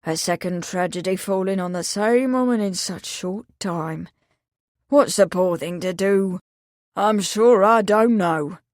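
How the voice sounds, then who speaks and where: A woman's voice: animated, no echo, clean studio sound. A woman doing a gloomy old countryman. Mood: mournful. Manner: slow, mournful, lowered voice. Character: old countryman, lank, gloomy and slow-spoken.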